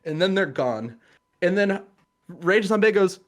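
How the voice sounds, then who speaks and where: A man's voice: high voice, lively intonation, unhurried. A man, a guest cosplayer on a livestream, telling a casual story with laughs and quoted voices over a video call.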